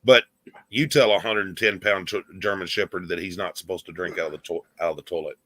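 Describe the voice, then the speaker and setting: A man's voice: sits low, steady tone, fast, bright, forceful tone, no room sound. A man co-hosting a live stream, joking with viewers and laughing often as he reads the chat aloud. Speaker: livestream co-host.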